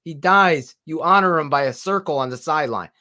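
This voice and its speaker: Brief: higher-voiced male co-host, fired-up sports talk, swears freely. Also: fairly quick. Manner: excitable, swearing, voice rising when heated. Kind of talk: casual sports talk show.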